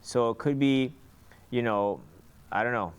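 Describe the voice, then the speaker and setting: A man giving an informal lesson on Hebrew letter sounds, sounding them out slowly and often restarting his sentences. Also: mid-range voice, clear, resonant tone. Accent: Sephardic Hebrew pronunciation. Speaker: Hebrew reading teacher.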